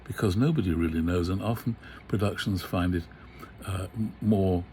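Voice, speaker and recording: An older man with a deep, low voice lectures through a computer mic in an online class. He muses slowly, with many fillers, and lifts into dramatic recitation of verse. A faint hum sits under the voice. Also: dark tone. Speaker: literature lecturer.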